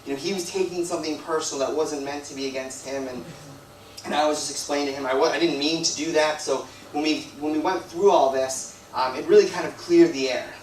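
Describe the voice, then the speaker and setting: A man's voice: on the high side, fairly even intonation, brisk, a little hiss or hum. Rambling man preaching in echoey hall. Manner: rambling, conversational, heavy on "like" and "you know". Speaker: guest preacher. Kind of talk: storytelling sermon. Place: church hall. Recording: echoey room, from a distance.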